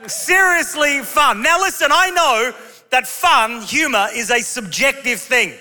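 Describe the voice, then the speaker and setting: A man's voice: extremely high pitch, big pitch swings, a little slow, pushed and bright, soft background music. A male pastor preaching a sermon to his congregation with humorous storytelling. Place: large church auditorium. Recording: long hall reverb.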